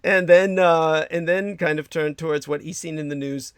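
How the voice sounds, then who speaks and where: A man's voice: a little high, fairly even intonation, normal speed, clear, resonant tone, no room sound, studio quality. A man hosting a casual livestream, effusive and rambling with many fillers, reading chat messages aloud. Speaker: livestream host.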